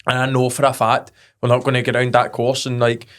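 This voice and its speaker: A man's voice: medium pitch, completely flat delivery, fast talker, a bit bright. A Scottish man chatting casually on a podcast, enthusiastic and full of local slang. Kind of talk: casual chat.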